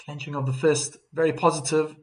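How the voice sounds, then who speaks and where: High-voiced chatty male tennis streamer. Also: little pitch movement, brisk. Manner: chatty, reads viewer comments between points. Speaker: live stream tennis commentator. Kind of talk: live streaming commentary.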